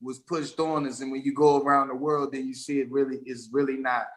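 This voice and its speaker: A man's voice: mid-range voice, level tone, fairly quick. A man from DC, telling stories as a guest in a laid-back, rambling podcast conversation. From Washington DC. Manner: laid-back, rambling storytelling with frequent restarts. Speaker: guest rapper.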